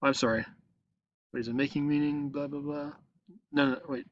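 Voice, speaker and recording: Sitting at a computer for a screen recording, a male teacher patiently walks students through an online lesson step by step, checking in with frequent "okay?". His medium-pitched voice is steady at a moderate pace. The recording is muffled, with no room sound.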